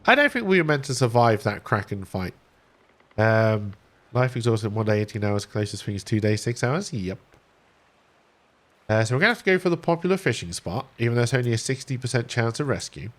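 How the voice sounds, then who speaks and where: A man streaming a game live, quickly ordering his crew around and reading the game's text aloud. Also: medium pitch, big pitch swings. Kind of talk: live gameplay commentary.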